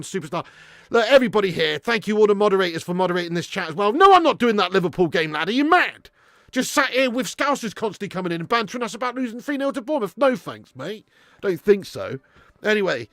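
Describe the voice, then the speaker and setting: Exasperated, sweary streamer, gravelly. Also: male voice, high voice, dry recording, studio quality. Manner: sweary, exasperated, rattles off viewer shout-outs. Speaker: host. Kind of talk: live stream sign-off chat.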